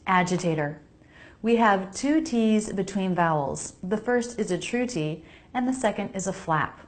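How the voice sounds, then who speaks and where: Slow, careful American woman teaching pronunciation. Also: mid-range voice, expressive. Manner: slow, careful, models sounds and repeats words for the viewer. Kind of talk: English pronunciation lesson. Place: home laundry area.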